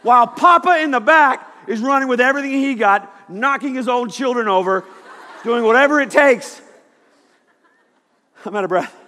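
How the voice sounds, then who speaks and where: A man preaching a lively, jokey youth sermon to a room of students. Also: very high voice, moderate pace. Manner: animated, jokey, shouting at times. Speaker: youth pastor. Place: church hall with audience. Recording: echoey hall.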